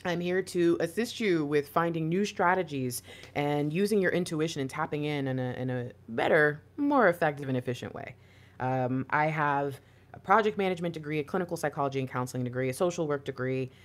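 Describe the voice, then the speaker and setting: Her voice is deep and her pace a little quick as she talks to viewers during a spiritual card reading. She's animated and chatty, asking question after rhetorical question.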